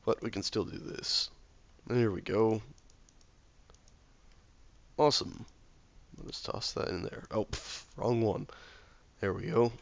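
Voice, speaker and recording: Sick hoarse guy half whispering to himself while he plays, kinda low voice, muffled lo-fi mic. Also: fairly even intonation, slow pace, pauses often. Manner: mutters to himself, often drops to a soft, near-whispered voice. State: hoarse from illness. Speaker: gameplay video maker. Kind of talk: relaxed gameplay commentary.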